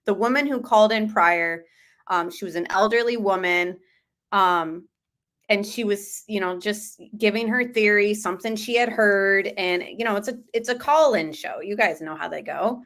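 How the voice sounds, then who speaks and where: A woman's voice: medium pitch, moderate pace, a bit bright. Chatty woman hosting a true crime stream. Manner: chatty, reacts to live chat. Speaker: true crime channel host. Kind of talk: commentary over a replayed call-in stream.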